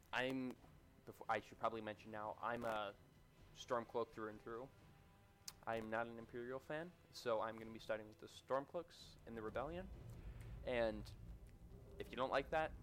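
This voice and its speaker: Low-voiced man rambling over gameplay. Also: steady tone, normal speed, long pauses, a bit bright. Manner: rambling, self-described nitpicky, chatty asides. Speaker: gaming commentator. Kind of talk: casual gameplay commentary.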